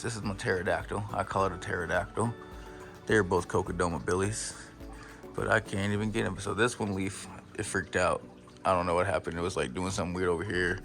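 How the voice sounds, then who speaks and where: A young man giving a casual, playful tour of his plant collection, full of slang and hype. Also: lowish voice. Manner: playful, hyped, slangy, breaks into silly voices.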